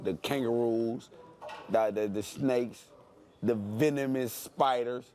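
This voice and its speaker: A man's voice: medium pitch, darkish tone. A man, a professional boxer talking brashly in an interview, boasting and repeating his phrases for effect. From Detroit, USA. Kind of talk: animated interview talk.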